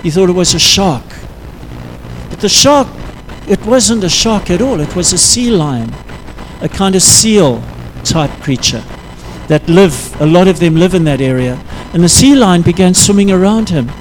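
Earnest high-voiced male preacher. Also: lively intonation, slight background noise, low-quality recording. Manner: earnest, halting, repeats words, drops to quiet intensity. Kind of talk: sermon storytelling.

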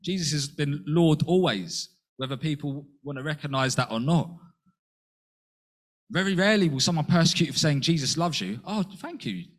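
A man preaching a sermon in an earnest way, asking rhetorical questions and jumping up in pitch to act out quotes. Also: normal speed.

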